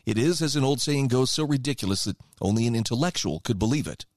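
Man, radio talk host, opinion commentary, emphatic, lively intonation, dry close sound. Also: medium pitch, fast talker, no room sound. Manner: conversational, emphatic and animated. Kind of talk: opinion commentary, reading passages aloud.

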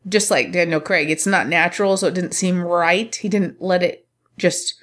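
Opinionated woman, lowish voice. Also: fairly even intonation, normal speed. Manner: opinionated, talks in long winding runs with quoted asides. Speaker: film review podcast co-host. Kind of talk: casual film discussion.

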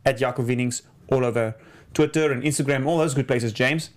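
A man's voice: mid-range voice, brisk. A man co-hosting a casual chat show, playful and joking. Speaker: co-host.

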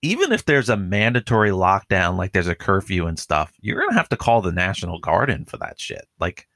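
A police officer talks casually on a podcast in a low voice that is brisk, a bit bright, and full of big pitch swings, with no room sound. He rambles and swears, leaning heavily on "like" and "dude."

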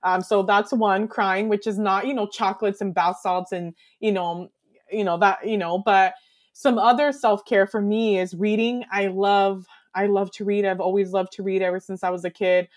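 A woman's voice: medium pitch, level tone, normal speed. A woman guest on a podcast, talking in a reflective, earnest way with lots of fillers. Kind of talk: casual conversational interview.

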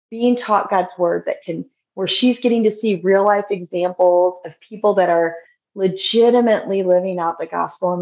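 A woman in her fifties tells a personal story in a relaxed, conversational way. Her speech is lively and packed with casual fillers. The recording sounds dull and lo-fi. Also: lowish voice. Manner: lively storyteller, many fillers like "like" and "you know". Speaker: podcast guest.

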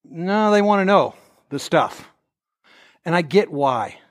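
A middle-aged man preaching a conversational sermon, telling stories and acting out quotes in a lively way. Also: sits high, slow pace. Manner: storytelling, animated, acts out quotes.

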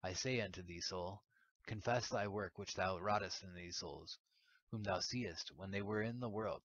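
Stern god-as-judge voice in a scripture reading, low-voiced man reading, lo-fi muffled. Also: moderate pace, fairly bright tone, no echo. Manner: grave, pronouncing judgment. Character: stern just male divine judge. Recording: dull lo-fi recording.

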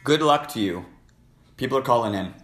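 A man's voice: mid-range voice, animated, a little fast, fairly bright tone, reverberant. A man hosting a casual live-stream call-in show, talking in a loose, rambling way. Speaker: host.

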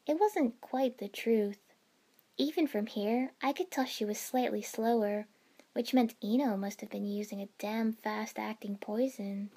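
A woman reading a first-person fan fiction story aloud in a steady storytelling manner. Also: on the high side, a little slow, breathy edge. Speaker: narrator.

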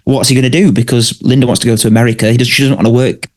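A man's voice: medium pitch, very fast. Man recapping an episode on a podcast. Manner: animated recapping, addresses listeners and co-host. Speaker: podcast co-host. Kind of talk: casual podcast chat.

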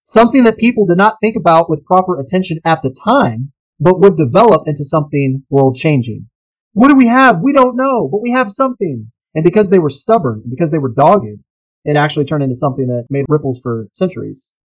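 A man co-hosting a casual podcast, talking animatedly and posing rhetorical questions with sudden jumps in pitch. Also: sing-song, brisk, low-quality recording. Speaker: podcast co-host.

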